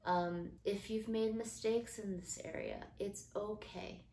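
A middle-aged woman hosting a podcast, talking earnestly and gently about parenting, with soft fillers and restarts. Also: mid-range voice, steady tone, slow, creaky. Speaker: podcast host. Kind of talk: casual faith-based parenting talk. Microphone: built-in phone mic. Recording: roomy phone recording with faint noise.

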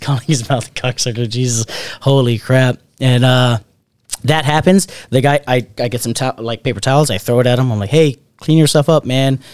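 A man's voice: mid-range voice, dry recording. A man telling long party stories in casual chat, swearing freely and acting out quotes. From Alabama family roots. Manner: profane, animated anecdote-telling with acted quotes. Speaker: podcast host.

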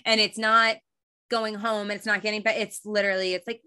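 A woman's voice: medium pitch, flat delivery, normal speed, pushed and bright, clear, resonant tone. A young American woman co-hosting a podcast in casual chat, blunt and profane. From United States. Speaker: podcast co-host.

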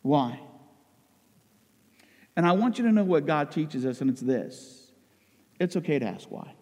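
A man's voice: fairly high pitch, big pitch swings, normal speed. Male preacher, raised tone, dramatic swings from cries to near-whispers, long church reverb. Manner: swings between loud emotional outcries and hushed intensity. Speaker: pastor. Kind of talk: sermon.

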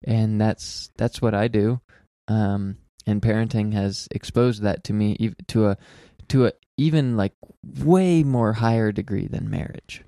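A man's voice: on the low side, a little slow, creaky, hardly any pauses, warm tone, dry recording, studio quality. A man co-hosting a podcast, talking in an earnest, reflective way with light joking. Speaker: podcast co-host. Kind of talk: casual chat.

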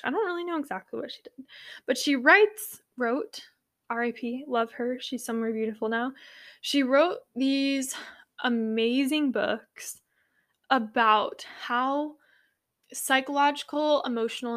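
A young woman, a yoga teacher from California, telling a personal story in a casual, earnest, rambling way full of fillers. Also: a little high.

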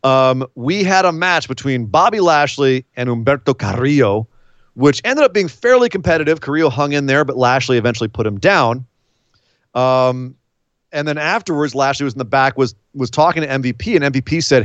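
A man hosting a casual chat about wrestling, animated, with frequent laughs and quick asides. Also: mid-range voice, no room sound. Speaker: podcast host. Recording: dull lo-fi dry sound.

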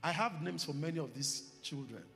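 Pastor preaching in a reverberant hall. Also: male voice, on the high side, vocal fry, bright, forceful tone. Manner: preaching with rising emphasis and slow stressed phrases. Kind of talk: sermon. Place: church hall. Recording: church hall reverb with music behind.

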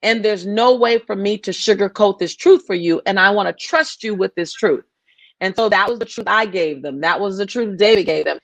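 A woman's voice: mid-range voice, normal speed, no room sound. Woman director, interview guest; earnest, emphatic delivery with false starts, dry recording. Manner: passionate, repeats and restarts phrases. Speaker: filmmaker guest. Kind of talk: interview conversation.

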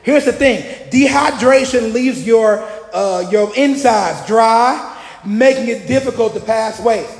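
A man with a very high, gravelly voice preaches a lively sermon in a church hall. He is energetic and joking, and he often shouts out to the congregation. The echoey room carries a long reverb behind him. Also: slow.

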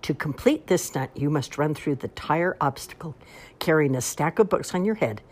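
A woman voicing a showy grand marshal in a storybook read-aloud, loud and theatrical, announcing the contest. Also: low-pitched, expressive, normal speed.

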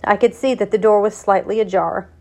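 A woman reading a novel aloud in first person, in a steady way with small stumbles and self-corrections. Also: medium pitch, brisk. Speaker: audiobook reader.

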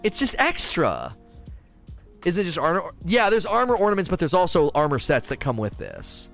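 A man's voice: sits high, expressive, moderate pace, fairly bright tone, faint music behind. A young man ranting animatedly as a live game streamer and laughing often at his own points.

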